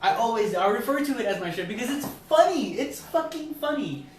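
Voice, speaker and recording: Man, podcast co-host, casual crude storytelling, lively pitch, distant mic, echoey room. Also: a little fast. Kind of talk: casual chat. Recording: echoey room, far from mic, faint noise.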